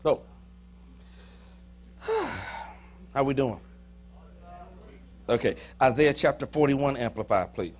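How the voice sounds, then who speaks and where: A man preaching a sermon as pastor, folksy and joking with the congregation, swinging between soft asides and sudden shouts. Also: mid-range voice, slow pace, long pauses, slight background noise. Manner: folksy, humorous, talks to the congregation. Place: church sanctuary.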